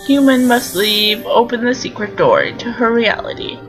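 A woman voicing a kindly old male wizard in a calm, formal reading. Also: fairly high pitch, normal speed. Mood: solemn. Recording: lo-fi audio with loud game music.

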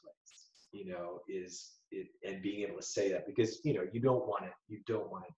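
A man's voice: low voice, steady tone, a little fast, a little mellow. A man speaking as a psychologist guest in a casual interview, reflective, quoting sayings and laughing often. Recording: roomy, dull sound.

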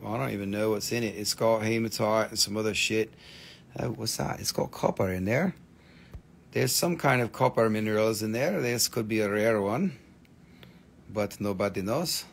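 A man's voice: lowish voice, moderate pace, gravelly, a little hiss or hum. A man with an American accent hosting a casual live-stream crystal sale, joking and swearing as he rambles over the stones. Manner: joking, profane, rambling while showing stones.

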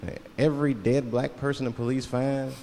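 A man performing a stand-up comedy routine, animated and acting out characters. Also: medium pitch, normal speed, vocal fry, slight background noise. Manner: animated, acts out characters and voices. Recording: live club recording with loud crowd, long reverb. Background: audience laughter.

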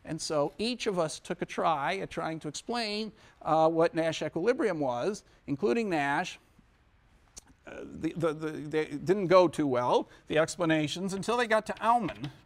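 A male university lecturer talks to his class in a loose, conversational way. He sounds lively, pitched high, and often restarts or breaks off into asides. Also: normal speed. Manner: conversational, many restarts and asides, animated storytelling. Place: lecture hall.

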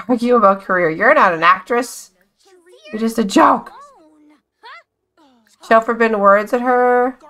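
A woman's voice: medium pitch, fairly bright tone. A young woman giving casual, amused commentary on a life-sim game, chatting to the characters on screen as she plays. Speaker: gaming YouTuber.

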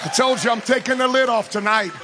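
Brief: male Pentecostal pastor, very high voice, shouting sing-song delivery. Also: quick pace, crowd noise, background noise. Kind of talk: Pentecostal sermon. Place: church.

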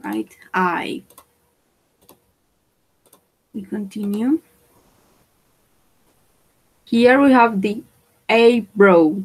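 A woman teaching English vocabulary, repeating each word slowly for pronunciation and switching into to explain. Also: medium pitch, darkish tone, husky, poor audio. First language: Spanish. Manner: slow, repeats words for pronunciation. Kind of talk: bilingual vocabulary lesson.

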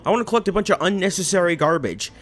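A young man rambling excitably and swearing as he comments on a video game. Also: high-pitched, rapid-fire, noisy background. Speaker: let's play gamer. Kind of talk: casual gameplay commentary.

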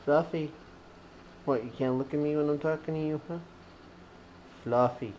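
A woman's voice: sits low, fairly even intonation, normal speed, pauses often, warm tone, slight background noise, rough recording. A woman filming her cats at home, chatting to them in a teasing way, cooing and cursing at them. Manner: teasing, coos and swears at the cats. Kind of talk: casual talk to pets. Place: at home indoors.

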